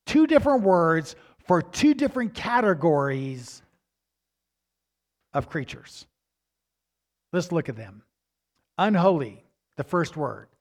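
A man preaching a teaching sermon, stressing key words emphatically and turning to his listeners with quick asides. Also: a little high, very animated. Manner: asides to the congregation, asks "right?".

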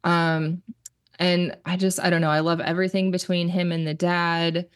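A woman's voice: fairly low pitch, little pitch movement, moderate pace, clear, resonant tone, dry recording, studio quality. A woman guest on a casual film podcast, talking candidly, swearing freely and laughing often.

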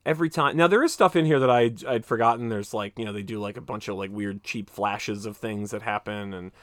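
A man's voice: lowish voice, fairly quick, no echo, studio quality. A man hosting a podcast in casual chat, telling stories animatedly and swearing freely. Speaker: podcast host.

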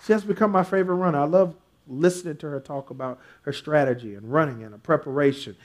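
A man preaching a sermon as pastor, leading call-and-response with his congregation and building up to shouts. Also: a little high, fast talker, a faint crowd.

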